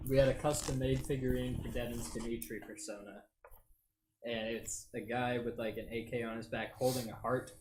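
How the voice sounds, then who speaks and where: A man's voice: medium pitch, fairly even intonation, moderate pace. A man playing a tabletop game, easygoing and laughing often. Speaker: player. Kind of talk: casual tabletop game banter. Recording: noisy room.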